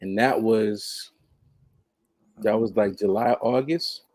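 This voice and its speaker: A man telling a personal story on a podcast in a casual, animated way, laughing often and mimicking others. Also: on the low side, slow, no room sound. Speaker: podcast guest.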